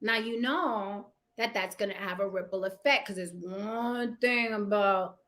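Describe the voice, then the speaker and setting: A woman giving casual, profane opinion commentary, with sassy, animated asides to her viewers. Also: medium pitch, measured pace. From United States. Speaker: commentary vlogger.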